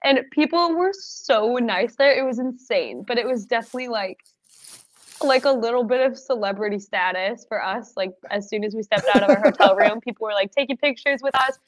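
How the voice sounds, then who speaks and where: A woman's voice: a little high, brisk. A young woman talking as an athlete guest in a casual podcast chat, laughing often and filling her speech with "like". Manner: chatty, laughs often, many "like" fillers. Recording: slightly dull, dry audio.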